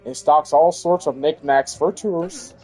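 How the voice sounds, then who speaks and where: A man with a Southern US accent voicing a calm young female dojo master, reading her game lines aloud. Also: deep voice, measured pace, breathy edge, soft background music. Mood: steady. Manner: reads game dialogue aloud in a slightly raised voice.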